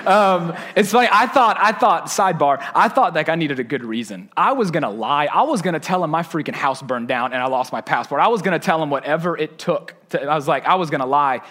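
A man, preaching a sermon through an animated, self-deprecating personal story. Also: a little high, fairly quick, hardly any pauses.

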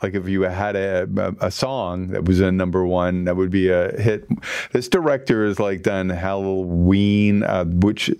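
Lower-voiced man hosting, rambling casually. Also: steady tone, a little slow, a little mellow, smooth, no room sound, studio quality. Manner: rambling, self-correcting. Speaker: host. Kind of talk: casual chat.

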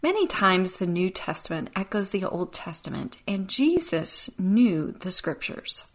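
A woman's voice: mid-range voice, big pitch swings, a little slow. A woman hosting a devotional podcast, speaking in an earnest, reflective way that sometimes sinks to a near whisper. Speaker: podcast host.

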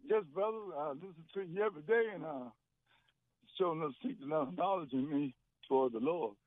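A man's voice: a little high, no echo. Emotional man in his sixties on a phone line. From Virginia. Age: 60s. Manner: halting, emotional, many fillers. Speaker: caller. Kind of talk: call-in phone conversation.

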